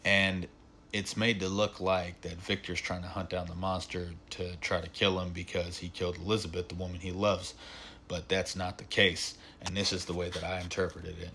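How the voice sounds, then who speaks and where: Male film reviewer, deep and punchy, loose and filler-heavy delivery, faint background hiss. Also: little pitch movement, normal speed, sharp tone. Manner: rambling, filler-heavy retelling with frequent "like" and "um". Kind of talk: casual spoken film review.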